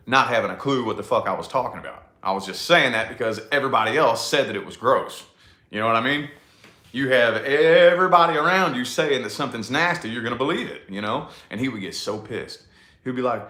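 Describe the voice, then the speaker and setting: A man, chatting casually and profanely to a live audience with a rambling, drawn-out delivery. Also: mid-range voice, expressive, sharp tone. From New Albany, Indiana, USA. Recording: echoey room.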